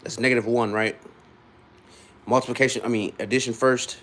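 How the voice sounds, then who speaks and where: A man's voice: mid-range voice, steady tone, a little fast, a bit bright. A young man in his twenties from Ohio, rambling casually to his live-stream viewers with loose restarts. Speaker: livestreamer.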